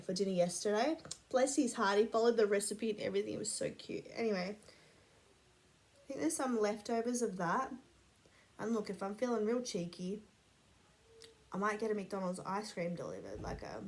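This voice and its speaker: A woman's voice: mid-range voice, darkish tone. Sweary chatty woman vlogger. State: sniffly. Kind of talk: casual rambling chat to camera.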